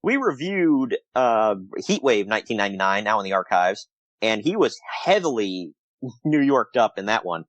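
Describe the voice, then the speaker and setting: Animated chatty male podcast co-host. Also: on the low side, normal speed, no echo, dull audio. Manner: rambling, laughs often, animated retelling. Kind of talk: casual podcast review chat.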